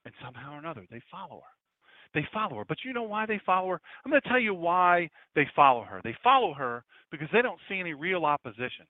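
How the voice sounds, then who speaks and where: Fiery preacher on tinny radio. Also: male voice, on the high side, very animated, fast talker, dry recording. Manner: emphatic preaching, mimics doubters in quoted voices. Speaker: pastor. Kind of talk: fiery political sermon. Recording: tinny phone-like radio broadcast.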